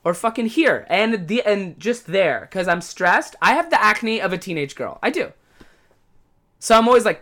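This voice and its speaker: A man riffing alone on his podcast in an exasperated, swear-heavy comic rant. His voice is bright and cutting, and his pitch swings widely as he works himself up. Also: very animated, normal speed. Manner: profane, exasperated comic ranting. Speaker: podcast host. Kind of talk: casual podcast monologue.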